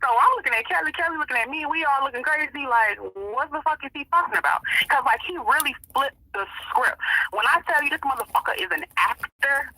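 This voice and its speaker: A woman's voice: sits high, a little fast, sharp tone, no echo, low-quality recording. A woman being interviewed, telling a story in casual, emphatic, profane talk and acting out what other people said. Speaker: interview guest.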